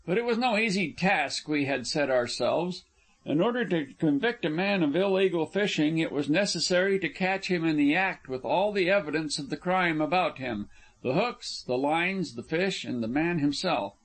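A man narrating an adventure audiobook in an even, measured reading. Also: fairly high pitch. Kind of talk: scripted narration.

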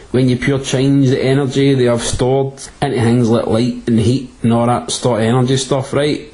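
With a warm, medium-pitched voice, a physics tutor from Glasgow, Scotland, gives a crude, joke-filled lesson thick with slang. His Glaswegian accent comes through as he keeps the comic tone going.

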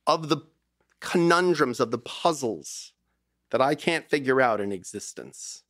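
A man's voice: medium pitch, expressive, a little slow, fairly bright tone, no room sound, clean studio sound. A middle-aged man, a divorce lawyer talking as a podcast guest, who tells stories with emphasis and acts out quoted dialogue. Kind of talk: animated conversational interview.

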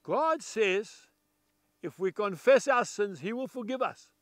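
A man's voice: high-pitched, lively intonation, a little slow, no echo, studio quality. A man preaching a televised gospel message, talking to viewers in an earnest, folksy and emphatic way.

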